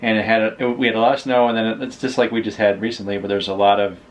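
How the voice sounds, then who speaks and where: A man co-hosting a casual vlog chat, rambling and halting as he explains things. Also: on the low side, little pitch movement, slight background noise. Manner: rambling, halting, many restarts. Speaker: vlog co-host.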